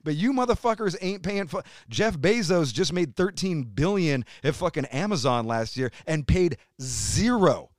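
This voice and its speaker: A man's voice: on the high side, lively intonation, normal speed, hardly any pauses, no room sound. A middle-aged American man ranting heatedly and profanely in a casual interview chat. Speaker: podcast guest, metal musician.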